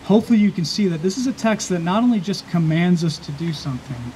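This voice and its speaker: A pastor preaching an earnest sermon, slowing down and stressing key phrases. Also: male voice, sits high, lively intonation, warm tone, a little hiss or hum.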